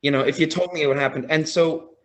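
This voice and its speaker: Excited man telling a story. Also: a little high, fast talker. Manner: excited, retelling with quoted reactions. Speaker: podcast guest, impersonator. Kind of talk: casual storytelling.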